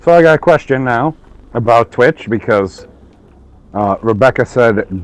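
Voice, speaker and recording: A man's voice: medium pitch, expressive, measured pace, dry recording. A man in casual livestream banter, reading viewer messages aloud and reacting with amusement. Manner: reads chat messages aloud, bemused. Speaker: co-host guest.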